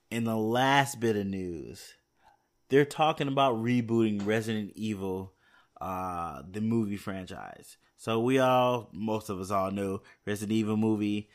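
A man with a fairly low voice talks casually to his viewers, rambling and thinking aloud. He restarts his sentences often and pads them with fillers. He sounds a little tired. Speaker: movie news vlogger. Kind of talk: casual chat to camera.

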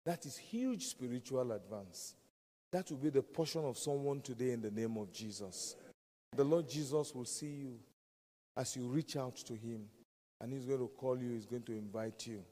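Preacher man, dark voice, echoing hall. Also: medium pitch, normal speed. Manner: emphatic, repeats key phrases. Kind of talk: sermon. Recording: long reverb of a large hall.

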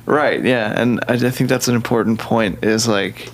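A man's voice: mid-range voice, moderate pace. A man hosting a podcast, chatting easily with a musician guest, joking and giving frequent short backchannels. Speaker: podcast host. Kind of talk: casual interview chat.

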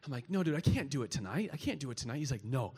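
Young man, storytelling, animated, quoting friends. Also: mid-range voice, rapid-fire, husky. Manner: animated, acts out quotes, laughs often. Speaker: speaker at a young adults gathering. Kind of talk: storytelling to a live audience.

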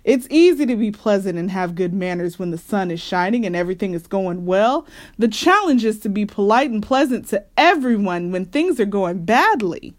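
A woman's voice: mid-range voice, animated, normal speed, natural voice. A woman voicing a firm, scolding mother bear in a storybook read-aloud. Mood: stern. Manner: stern, scolding.

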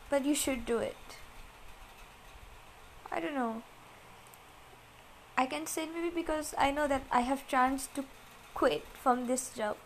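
A woman with a slightly high voice shares her worries in a soft, confessional monologue. She talks haltingly, circles back over the same words and gropes for what to say next. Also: slight background noise, poor audio. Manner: hesitant, halting and repetitive, searching for words. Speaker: vlogger.

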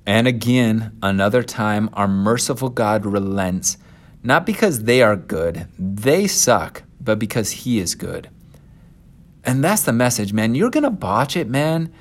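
A man giving casual scripture commentary as a teacher, talking in a slangy, animated, conversational way. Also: lowish voice, unhurried.

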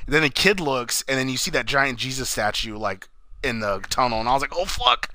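A young man with a bright, forward voice rambles through a horror movie's plot, swearing freely and dropping into bits of the characters' lines. The sound is close and dry, with no room around it. It is casual podcast talk between friends. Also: mid-range voice, fairly quick, dry recording. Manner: rambling, swears often, acts out lines from the film. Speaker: podcast co-host. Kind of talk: casual movie recap chat.

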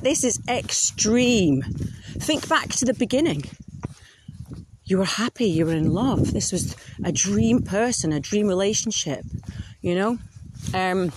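A woman's voice: on the low side, a little hiss or hum. A woman hosting a podcast, talking frankly in a casual monologue and swearing freely. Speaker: podcast host.

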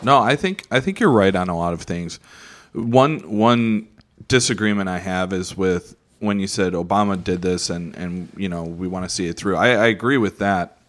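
A man co-hosting a podcast who explains his points in a calm, measured way. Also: sits low. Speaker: podcast co-host. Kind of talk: casual podcast discussion.

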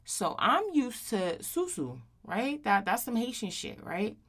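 A woman's voice: medium pitch, very animated, unhurried, a bit bright. A woman in her thirties hosting her own podcast in a casual solo monologue, blunt and profane, full of slang, often tagging lines with "right?". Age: 30s. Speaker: podcast host.

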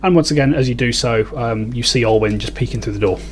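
A man's voice: mid-range voice, quick pace. A man narrating a tabletop game as game master, describing scenes in a rambling way.

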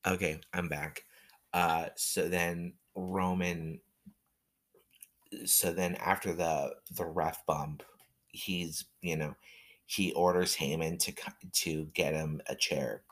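A man giving a casual, rambling recap of a wrestling match, halting often with fillers and restarts. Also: low voice, steady tone, fairly bright tone.

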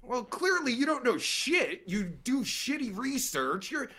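A man's voice: very high-pitched, sing-song, a little slow, bright, forceful tone, slightly rough. A man reacting to a recording of his own interview, swearing heavily and ranting in exasperation. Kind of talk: angry reaction commentary.

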